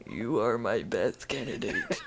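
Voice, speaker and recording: A man voicing a creepy, slow-talking male political candidate with a low murmur. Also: wildly swooping pitch, creaky, noisy background, full character voice.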